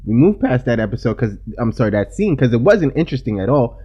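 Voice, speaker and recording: Lively man recapping a show, lo-fi. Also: medium pitch. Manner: animated, retells scenes with quick asides and self-corrections. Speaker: podcast co-host. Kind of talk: casual chat recapping a TV episode. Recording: lo-fi podcast audio.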